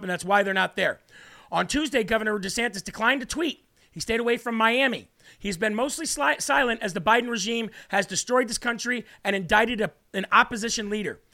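A political commentary show is hosted by a man whose high-pitched voice sounds pushed and bright. He argues combatively and emphatically to the viewers, easing his pace to repeat key points.

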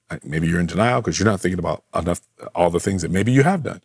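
A man's voice: deep voice, fast, husky, no room sound. A man preaching a sermon as pastor, earnest, asking rhetorical questions and repeating phrases.

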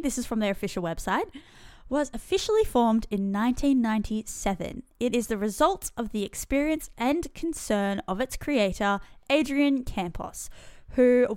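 A woman with an Australian accent co-hosts a casual podcast, reading out facts with a giggly, apologetic manner. Her voice sits a little high and comes through smooth and clear. The recording is dry and close. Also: a little mellow, dry recording. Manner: giggly, apologetic about pronouncing names. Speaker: podcast co-host. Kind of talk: casual chat.

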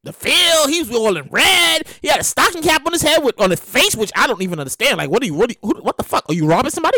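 A woman's voice: sits high, sing-song, fast, hardly any pauses, sharp tone. A woman hosting a podcast, talking casually and animatedly, cursing freely and acting out scenes with big exaggerated outbursts. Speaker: podcast host. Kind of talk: casual commentary monologue.

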